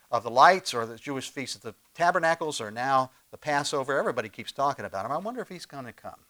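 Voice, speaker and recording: A man preaching a sermon as pastor, conversational and animated, with sudden swings between loud emphasis and quiet asides and frequent rhetorical questions. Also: mid-range voice. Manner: animated preaching with big swings in loudness and pace.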